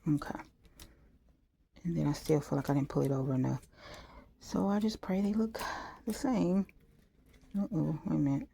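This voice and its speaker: Woman, low voice, chatty, excitable, casual crafting talk. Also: normal speed, vocal fry, long pauses, husky. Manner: chatty, excitable, frequent exclamations. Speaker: crafter vlogger.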